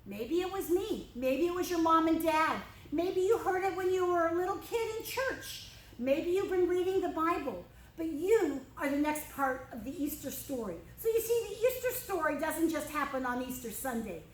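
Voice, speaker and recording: A woman's voice: extremely high pitch, expressive, normal speed, reverberant, low-quality recording. A woman teaching a children's church lesson, telling a Bible story expressively and speaking directly to the kids while she draws. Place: church room.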